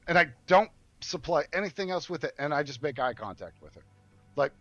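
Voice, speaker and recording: A man's voice: a little high, lively intonation, a little fast, fairly bright tone, dry recording, soft background music. A man streaming a game who tells a story in a casual, profane and indignant way, with heated outbursts. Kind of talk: casual storytelling while gaming. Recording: muffled lo-fi audio.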